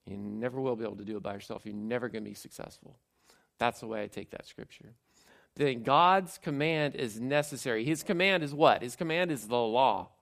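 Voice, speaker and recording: Gravelly-voiced man preaching casually. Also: mid-range voice, fairly quick, fairly bright tone. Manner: conversational, self-deprecating storytelling. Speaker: pastor. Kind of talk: sermon.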